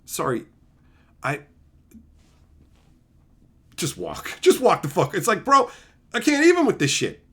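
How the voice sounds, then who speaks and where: A man's voice: sits high, wildly swooping pitch, a little slow, pauses often, a bit bright, slightly rough. A man hosting a livestream, ranting heatedly and profanely while answering chat. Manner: answers chat between rants. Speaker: streamer host.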